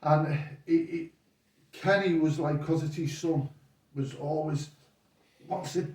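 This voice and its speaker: A man's voice: a little high, slow pace, distant mic. An older man, a boxing coach guest, telling rambling stories and acting out the voices of the people in them. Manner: rambling, animated retelling with quoted voices. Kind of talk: casual storytelling chat. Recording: echoey room, voice off-mic.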